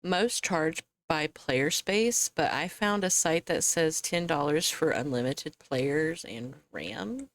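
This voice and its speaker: Woman, young adult, casual gaming stream chat, laughs a lot, slightly low pitch, dry sound. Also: animated, slow pace, few pauses, dry recording. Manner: chatty, laughs often, talks to chat and to herself. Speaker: game streamer.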